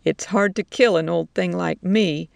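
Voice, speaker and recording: A woman's voice: on the low side, a little slow, gravelly, dry recording. A woman reading a storybook voicing a brave, plain-spoken old village woman. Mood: cheerful.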